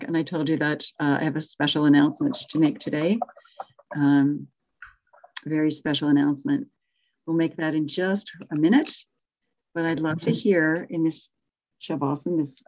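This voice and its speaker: A woman guiding a meditation for an online group on a video call, speaking gently and then growing bubbly and excited. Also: low-pitched. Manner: gentle, soothing guidance that turns bubbly and excited. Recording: dull, lo-fi video call audio.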